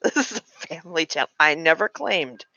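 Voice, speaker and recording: A woman's voice: deep voice, lively intonation, moderate pace, sharp tone, no room sound, muffled recording. A woman in her late forties chatting frankly to her live-stream viewers, venting and answering comments. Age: 40s. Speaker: livestream host. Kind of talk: casual live-stream chat.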